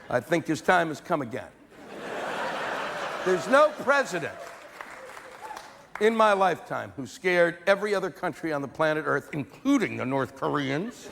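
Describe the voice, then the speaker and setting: Sardonic shouting stand-up man. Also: high voice, gravelly, long reverb tail, slight background noise. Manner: sardonic, building to shouted exasperation. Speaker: comedian. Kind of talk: stand-up comedy routine.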